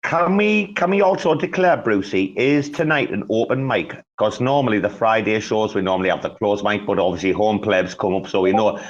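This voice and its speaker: Excitable, swearing male host, lo-fi. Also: lowish voice, fairly quick, hardly any pauses. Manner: profane, excitable, rambling. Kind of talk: casual chat on a live audio space. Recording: dull lo-fi audio.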